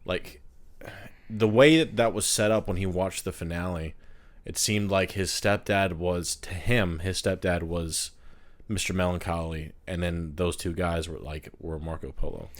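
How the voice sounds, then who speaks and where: Man, deep low voice, casual podcast talk, eager, restarts his sentences. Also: measured pace. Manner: animated, repeats words when starting sentences. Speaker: podcast co-host. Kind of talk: casual film discussion.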